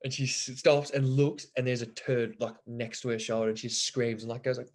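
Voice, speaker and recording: Young man, podcast guest; rambling, sweary, giggly storyteller, middle pitch. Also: fairly even intonation, a little fast, few pauses, a little mellow. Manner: rambling, swears freely, laughs while telling stories. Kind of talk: casual storytelling chat.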